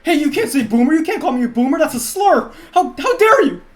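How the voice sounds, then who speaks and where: A man putting on the voice of an indignant middle-aged boomer who shouts about being called a slur. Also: big pitch swings, brisk. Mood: outraged. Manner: outraged, high-pitched, loud.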